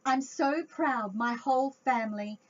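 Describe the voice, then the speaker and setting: A woman reading a picture book aloud to young children, expressive and chatty with her listeners. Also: high-pitched, measured pace. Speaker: children's storytime reader. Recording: dull lo-fi home recording.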